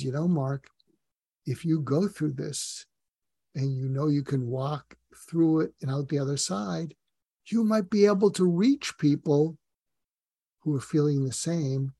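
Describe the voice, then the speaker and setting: Brief: middle-aged male guest, earnest and rambling, somewhat high voice with gravel, dry close sound. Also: warm tone, dry recording. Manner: earnest, rambling, many fillers and restarts. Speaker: podcast guest. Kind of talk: casual personal storytelling.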